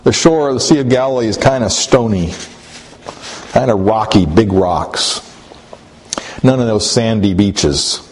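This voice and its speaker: A man's voice: lowish voice, measured pace, long pauses, a little hiss or hum, poor audio. A man preaching a sermon and retelling a story in a folksy, conversational way, with hesitant fillers.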